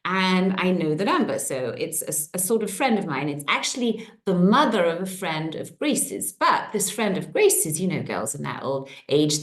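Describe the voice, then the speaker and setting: Lively middle-aged woman, echoey room. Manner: lively storytelling with quick pitch jumps. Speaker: coach. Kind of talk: casual talk to an online group.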